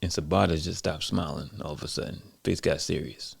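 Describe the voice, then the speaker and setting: A man's voice: deep voice, steady tone, brisk, vocal fry, breathy edge. A man telling a story casually, with lots of conversational fillers.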